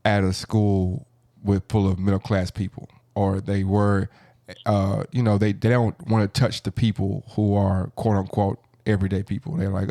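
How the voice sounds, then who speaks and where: A man's voice: lowish voice, flat delivery, normal speed, dark tone, no room sound, studio quality. A man hosting a podcast, rambling and playful, often cutting in on others. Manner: rambling, self-interrupting, playful. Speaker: podcast host. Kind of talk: casual podcast banter.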